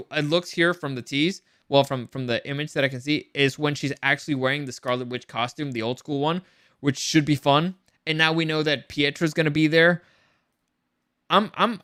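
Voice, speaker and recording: Excitable man with a bright voice. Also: on the high side, clear, resonant tone. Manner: rambling, many restarts and repeated words; excited, speculative. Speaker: show reviewer. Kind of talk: casual review chat.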